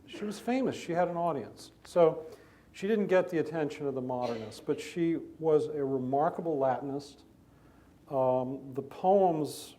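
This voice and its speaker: Mellow-voiced man giving a thoughtful literary talk. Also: medium pitch, a little hiss or hum. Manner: thoughtful, analytical, halting, with many restarts. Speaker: biographer and guest speaker. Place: stage event before an audience.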